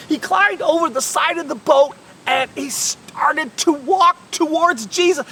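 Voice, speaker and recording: A woman with a high voice spins a first-person Bible story as though she had lived it. Her telling swings from quiet, drawn-out lines to sudden shouts. She sits back from the microphone, and a faint low rumble hums behind her. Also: recorded from a distance. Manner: expressive, swings from hushed to shouting.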